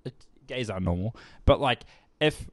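Young man, Australian accent, lively pitch, dry recording, joking banter. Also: normal speed, no echo. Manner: jokey, rambling, laughing banter. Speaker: podcast co-host. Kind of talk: casual banter.

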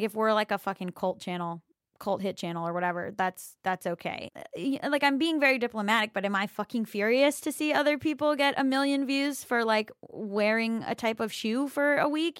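A woman's voice: mid-range voice, no echo, clean studio sound. A woman in her thirties, a YouTuber, speaking frankly and with animation in a candid interview, with some swearing.

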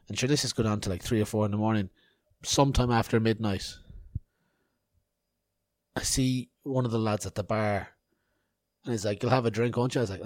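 A man's voice: medium pitch, no echo. A man hosting a podcast, rambling and self-mocking in casual chat. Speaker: podcast host. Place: outdoor festival grounds in later part.

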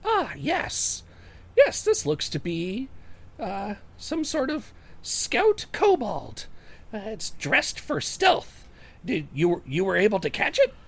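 A man's voice: high voice, wildly swooping pitch, slow pace, creaky, a bit bright, pitched above the performer's own voice, full character voice. A man voicing a small, sleepy halfling man in pajamas, drowsy and fussy in a tabletop game.

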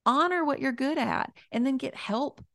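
A woman, a guest author, chatting casually and warmly, repeating her key points as she gives encouraging advice. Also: high voice, normal speed, no room sound.

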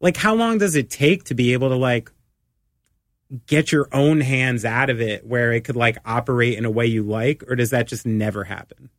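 A laid-back host asking questions in a casual interview, tossing in quick agreements and the odd swear. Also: mid-range voice, no echo, studio quality.

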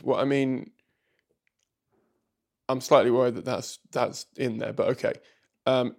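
Brief: gravelly-voiced man, casual streamer reading posts aloud, swears freely, lots of fillers and muttered asides. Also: medium pitch, steady tone, moderate pace, long pauses, darkish tone.

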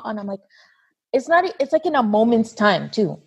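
Raspy woman in lively chat. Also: a little high, normal speed, faint music behind. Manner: lively storytelling, heavy use of "like". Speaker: mother of a toddler. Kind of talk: casual chat.

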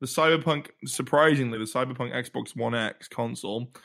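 A young man, a podcast host, telling a story in casual chat, animated, swearing and stumbling over repeated words. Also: mid-range voice, normal speed, gravelly.

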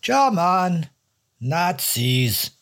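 A man's voice: high voice, sing-song, drawn-out words, fairly bright tone, voice pushed up, full character voice. A man reading a story aloud and voicing a blunt Norwegian villager and boatman who speaks broken English with a put-on Norwegian accent.

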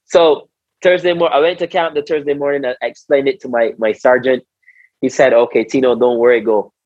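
A Barbadian man telling a story in an interview, animated and slangy and stumbling over repeated words. His voice is husky and mid-pitched. The sound is dull and dry, close to the mic. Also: a little fast, no room sound. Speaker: interview guest, former cricketer. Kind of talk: storytelling in casual conversation.

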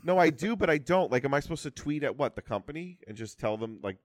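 A man's voice: fairly high pitch, expressive, fast talker, no room sound. Exasperated man ranting in a dry voice. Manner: exasperated ranting, hesitant restarts, swears. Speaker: podcast co-host. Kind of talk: casual chat.

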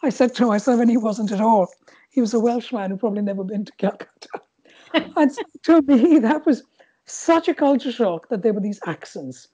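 Middle-aged woman, Bengali-influenced Indian English accent, warm and breathy, lively storytelling, muffled lo-fi recording. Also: a little high, moderate pace. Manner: animated, laughing, with frequent restarts. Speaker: guest. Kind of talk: reflective storytelling.

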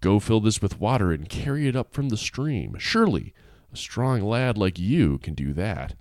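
A monstrous, hungry ogre speaks in a sly, falsely friendly tone, pitched somewhat below an ordinary man's voice, as a storyteller puts him on. The recording is dry and close, and the delivery swings lively in pitch. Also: normal speed, no room sound. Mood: scheming. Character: huge hungry scheming male ogre.

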